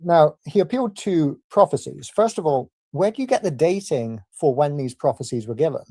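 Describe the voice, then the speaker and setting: A man giving a formal debate rebuttal in a measured, argumentative way. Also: a little high, animated, darkish tone, dry recording.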